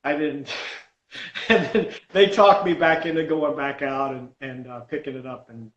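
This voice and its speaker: A man, a stunt comedian, telling a story in a lively, self-mocking way on a podcast. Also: mid-range voice, a little slow, reverberant, dull audio. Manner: animated storyteller, laughs at himself. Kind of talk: casual storytelling on a podcast call.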